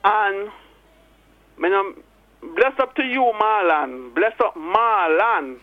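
A hoarse woman with a Jamaican accent calling in to a radio show, pleading earnestly and encouraging someone. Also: medium pitch, expressive, slow. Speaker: caller. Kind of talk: radio call-in. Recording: tinny phone line, dry.

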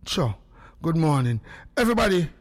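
A Jamaican man hosting a radio live stream, excitable and quick, calling hello again and again. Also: a little high, slight background noise. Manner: excitable, rapid, calls hello over and over. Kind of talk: casual live-stream chat.

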